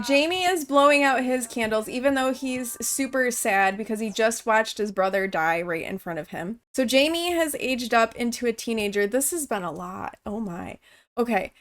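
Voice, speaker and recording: A woman's voice: fairly high pitch, fairly bright tone. A woman hosting a game video, chatting casually and explaining each step aloud as she plays. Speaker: gaming channel host. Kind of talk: let's-play commentary.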